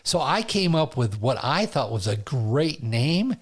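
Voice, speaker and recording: A man, a stand-up comedian, telling stories as a guest in a casual interview, animated and often laughing. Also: medium pitch, measured pace. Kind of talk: casual storytelling.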